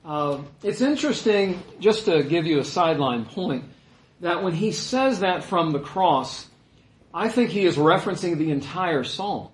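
A man preaching a sermon as a pastor, earnest and emphatic, pausing often with "uh". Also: on the high side, animated. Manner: earnest, emphatic teaching with frequent "uh" pauses. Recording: echoey room.

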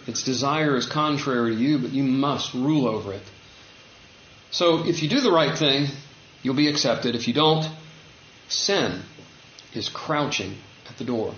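A man with a slightly high voice preaches a sermon in a relaxed, conversational way, and his pitch climbs when he acts out dialogue. The recording is muffled and roomy. A faint hum sits behind him. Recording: dull echoey room recording.

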